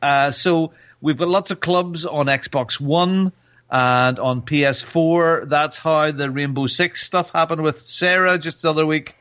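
A man hosting a casual gaming podcast, chatty and quick to laugh. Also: fairly high pitch, fairly even intonation, a bit bright. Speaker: podcast host. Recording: slightly dull lo-fi sound.

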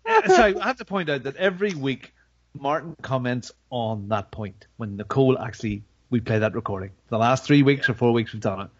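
A man's voice: medium pitch, lively intonation, fairly quick, breathy edge. A man hosting a live podcast, chatting casually in a jokey, rambling way. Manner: jokey, rambling, laughs a lot. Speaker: podcast host. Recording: dull lo-fi sound.

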